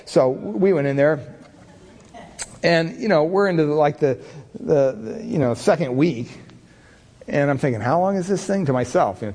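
A middle-aged pastor with a mid-range, slightly mellow voice preaches a sermon. He tells frank, self-mocking stories about himself in a chatty way, packed with fillers like "you know."

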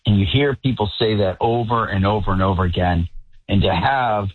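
A man's voice: fairly low pitch, fairly quick, no room sound. Boston man on a tinny phone line. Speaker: political commentator guest. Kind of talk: call-in radio interview.

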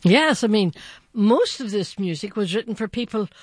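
A woman's voice: mid-range voice, animated, no echo, clean studio sound. A woman co-hosting a classical radio show, chatting emphatically about supporting public radio. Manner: emphatic, talks faster when worked up. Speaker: radio co-host. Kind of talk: casual on-air chat, fundraising pitch.

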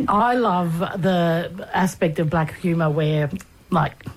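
A woman interviewer who asks questions hesitantly, pausing and searching for words. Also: fairly low pitch, rough recording.

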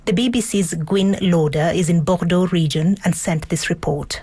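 A woman's voice: fairly low pitch, normal speed, mellow, a little hiss or hum. A female radio presenter introducing stories live in a composed manner.

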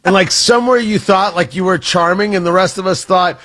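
A man's voice: high voice, moderate pace, sharp tone. Jokey male radio host. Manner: jokey, self-mocking, laughs often. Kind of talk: casual on-air banter.

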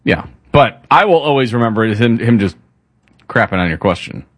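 A man's voice: medium pitch, expressive, a little fast, a bit bright, slight background noise. A man cohosting a sports radio talk show, teasing his partner with sarcastic remarks.

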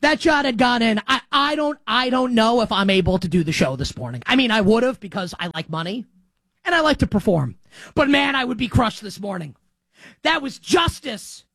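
Fired-up high-voiced New man. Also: normal speed, no room sound, low-quality recording. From New York. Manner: excitable, ranting, emphatic. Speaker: sports talk show host. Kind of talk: animated sports talk monologue.

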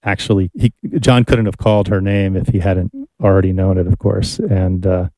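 A man's voice: sits low, flat delivery, moderate pace, warm tone, no room sound. A man hosting an interview, reflecting on the guest's story. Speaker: host. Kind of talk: conversational interview.

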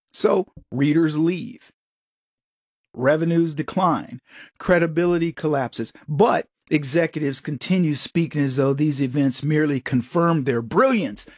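This is an American man in middle age hosting a political commentary show. His voice is husky and sits fairly high, and he talks animatedly, often popping up into higher, excited quoted voices. The sound is dry and close. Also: no echo. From United States.

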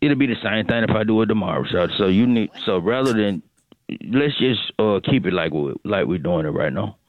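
A man's voice: lowish voice, animated, fairly quick, no echo. A man calling into a radio show, rambling and repeating himself as he talks his way out of coming to work. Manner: rambling, repetitive, coaxing. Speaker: regular caller on a radio show. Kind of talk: comedic excuse phone call. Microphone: phone. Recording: tinny phone line.

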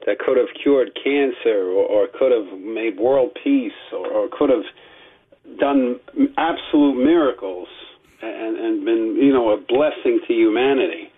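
A man calling in to a radio show, talking earnestly and haltingly. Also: medium pitch, slightly rough. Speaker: caller. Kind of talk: call-in radio chat. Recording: tinny phone line.

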